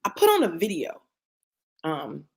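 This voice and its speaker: Husky woman giving fervent testimony. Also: sits low, wildly swooping pitch, unhurried. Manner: preacherly, repeats phrases for emphasis, says "right?" often. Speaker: motivational speaker. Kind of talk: impassioned personal testimony.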